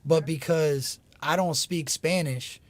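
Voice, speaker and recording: A man with a notably high speaking voice, joining a livestream as guest co-host. His talk is easygoing banter, heavy on slang, and he drops a casual "bro" into his lines. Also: steady tone, slow. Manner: laid-back slangy banter, calls people bro and dog.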